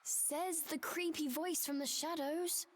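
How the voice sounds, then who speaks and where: A timid young witch girl speaks warily and hesitantly in a video game, her voice very high and her words slow. Soft game music plays underneath. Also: steady tone. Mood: wary. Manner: wary, hesitant.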